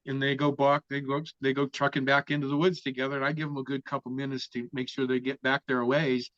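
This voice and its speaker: A man's voice: mid-range voice, level tone, fast, few pauses, fairly bright tone, no room sound. A man telling a story as an interview guest, casual and full of swearing. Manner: profane, vivid storyteller. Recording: dull, dry lo-fi sound.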